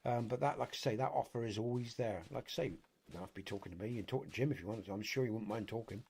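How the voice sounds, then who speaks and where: A man's voice: on the low side, rapid-fire, darkish tone, slightly rough. A man with a British accent hosting a live game stream, rambling chattily to his viewers with frequent swearing and fillers. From Britain. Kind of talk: casual live-stream chat while playing a hunting game.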